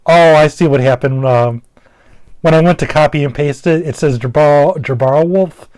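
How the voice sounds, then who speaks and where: A man's voice: a little high, normal speed, a little mellow, no room sound. A man giving casual, rambling gameplay commentary, full of fillers, restarts and the odd swear word. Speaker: gaming commentator.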